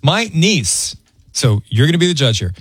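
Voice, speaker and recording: A man hosting a morning radio show, telling stories in an animated, exasperated way. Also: a little high, moderate pace, breathy edge, no room sound.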